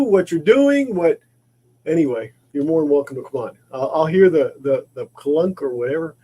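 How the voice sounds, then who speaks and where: A man's voice: fairly high pitch, expressive, normal speed, dark tone, breathy edge. A man hosting a casual livestream from his maker shop, rambling and often repeating and restarting his words. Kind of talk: casual livestream chat while working.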